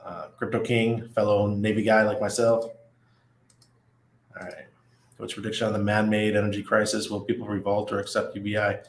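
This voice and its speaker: A man's voice: lowish voice, level tone, a little fast, a little hiss or hum. A middle-aged man hosting a casual livestream, chatting loosely, laughing often and reading viewer comments aloud. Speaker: livestream host. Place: apartment above a busy nightlife street. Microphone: studio mic at desk. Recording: echoey room.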